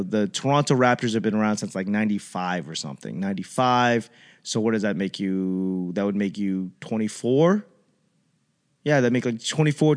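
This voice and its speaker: A man hosting a casual solo chat, rambling and animated, with lots of fillers and restarts. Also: on the low side.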